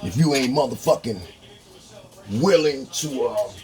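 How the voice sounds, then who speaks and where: A man vlogging a profane, heated rant, dropping to low mutters and jumping to high-pitched outbursts. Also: expressive, unhurried, a little mellow. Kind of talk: profane ranting monologue. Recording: noisy, running water tap behind.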